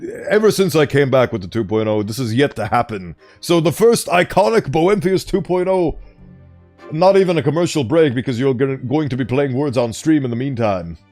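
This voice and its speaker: A man's voice: medium pitch, darkish tone. A man streaming a game, chatting playfully and telling a theatrical story. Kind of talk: casual game commentary.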